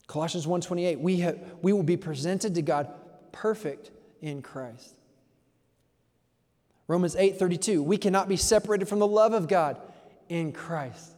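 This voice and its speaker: Young male pastor, slangy, dynamic sermon delivery, slightly high voice, reverberant hall sound. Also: normal speed. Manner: energetic preaching, swings from soft to loud.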